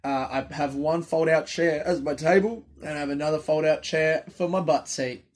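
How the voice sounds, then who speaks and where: Brief: young Aussie comic, slightly high voice, sniffly, loose rambling solo podcast talk, casual swearing. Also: male voice, steady tone, normal speed, a little mellow. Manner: rambling, self-deprecating, swears freely. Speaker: comedian podcast host.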